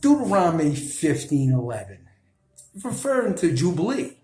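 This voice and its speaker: A man's voice: on the high side, sing-song, normal speed, warm tone, roomy sound, poor audio. A man with a New York Italian accent, ranting to viewers in blunt, scolding commentary. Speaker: video commentator.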